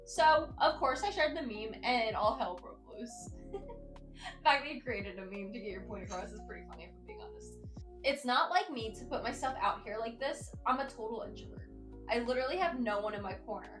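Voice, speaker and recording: Seated in a spinny chair indoors at home, a woman with a high, fairly bright voice hosts a casual chat, reading Reddit stories aloud in a rambling, filler-heavy way. The room is echoey, with faint background music.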